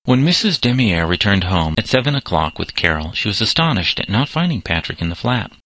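A man narrating an audiobook chapter in a steady, measured storytelling voice. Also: lowish voice, low-quality recording. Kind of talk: scripted narration.

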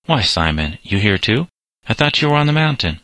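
A man's voice: on the low side, very animated, brisk, bright, forceful tone, dry recording, pitched above the performer's own voice. A man reading a cocky, sneering teen ringleader. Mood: scheming. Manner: sneering, bossy. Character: scheming teenage boy gang leader, cocky.

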